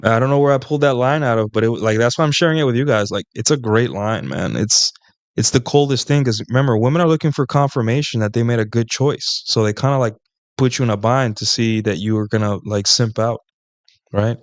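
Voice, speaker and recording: A man's voice: mid-range voice, fairly quick, dry recording. Boastful man telling rambling dating stories. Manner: boastful, rambling, keeps checking in with listeners. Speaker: streamer hosting a solo talk show. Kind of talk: casual storytelling monologue about dating.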